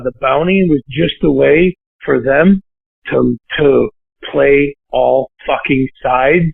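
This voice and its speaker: A man hosting a podcast in casual chat, blunt and profane, and quick to laugh. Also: on the high side, creaky, slightly rough, no room sound. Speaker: podcast host. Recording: tinny dry phone line.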